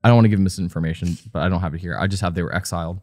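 A man's voice: low-pitched, steady tone, rapid-fire, warm tone, no room sound, studio quality. A man co-hosting a podcast, recounting researched notes in casual chat, laid-back and hesitant with many fillers. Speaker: podcast co-host.

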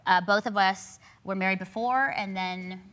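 A woman hosting a show before a live studio audience, chatting casually and emphatically. Her voice is bright and forward, pitched mid-range for a woman, and she stacks repeated phrases for emphasis. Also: normal speed. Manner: animated, emphatic repetition. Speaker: show host. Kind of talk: casual on-stage conversation.

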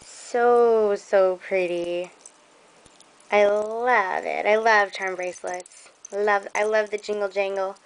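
Slow, gushing young woman crafter. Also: mid-range voice, steady tone, clear, resonant tone, rough recording. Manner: gushing and effusive, slow and drawn out. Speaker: crafting vlogger. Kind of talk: casual show-and-tell unboxing.

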